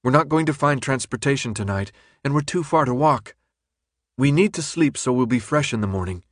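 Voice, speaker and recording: A man's voice: medium pitch, animated, fairly quick, dry recording, clean studio sound, voice pushed up, natural voice. A man voicing a decisive young woman who speaks firmly and plainly in an audiobook.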